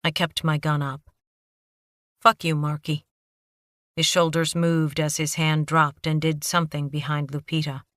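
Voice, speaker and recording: A woman's voice: sits low, level tone, normal speed, hardly any pauses, fairly bright tone, no room sound. A woman narrating a first-person thriller audiobook in a tense, dramatic style with clipped phrasing, close to the mic.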